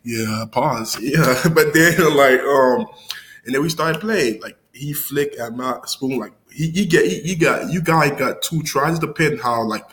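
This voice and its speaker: A young man tells his viewers a story from his childhood in a loose, casual vlog. His voice sits at a middle pitch, and his talk is full of slang, fillers and false starts. When he acts out a scene, his voice jumps sharply upward. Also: a little slow, low-quality recording. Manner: loose and rambling, slangy, with many fillers and restarts; animated, jumps high when acting out scenes. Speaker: YouTuber telling a story to viewers.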